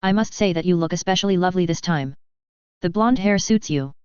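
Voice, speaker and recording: A woman voicing a polished, cautious man fixer who speaks calmly, formally and courteously, in an audiobook read. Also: lowish voice, brisk, clean tone, no room sound, muffled recording, natural voice.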